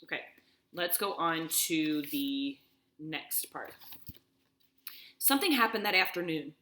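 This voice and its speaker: A woman's voice: low voice, expressive, slow, pushed and bright, slight background noise. A woman teacher reading a story aloud and explaining it step by step, often checking in with "okay?". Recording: echoey room.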